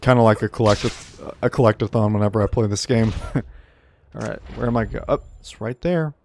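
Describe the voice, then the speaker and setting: A man's voice: fairly low pitch, moderate pace, vocal fry, a little mellow, slight background noise. Man streamer, casual game commentary, sarcastic jokes, rambling, faint mouse clicks. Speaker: streamer playing a video game.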